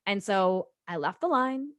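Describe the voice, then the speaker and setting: A woman co-hosting a podcast, telling a story in a casual, animated way and laughing often. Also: mid-range voice, unhurried, no echo. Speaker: podcast co-host.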